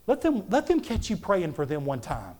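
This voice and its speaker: Male pastor, thirties, high voice, earnest repeating delivery from the pulpit. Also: huge pitch swings, normal speed, a little mellow. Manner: fervent, conversational preaching with repetitions. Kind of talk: sermon.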